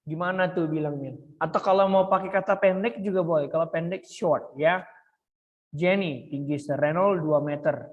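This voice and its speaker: A man's voice: a little high, a little fast, narrow, tinny audio. Male teacher with an Indonesian accent, online lesson, coaxing and bilingual, echoey long-reverb sound. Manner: switches between English and Indonesian, coaxing questions to students. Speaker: English teacher. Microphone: video call.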